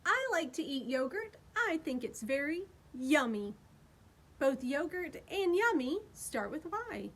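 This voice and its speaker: A woman's voice: high-pitched, big pitch swings, a little slow, fairly bright tone. A woman, a children's librarian, reading a picture book aloud at storytime in a sing-song voice made big for young listeners.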